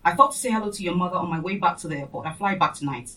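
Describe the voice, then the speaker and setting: Woman doing a polite well-off man, smooth and quick, slightly lower voice, a bit off-mic. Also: pushed and bright, distant mic, rough recording. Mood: courteous.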